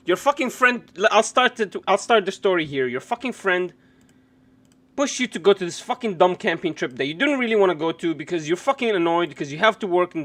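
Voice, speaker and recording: A man's voice: sits high, a bit bright. A young man streaming live, chatting casually as he reacts to clips, laughing hard and often, swearing freely and rambling loosely.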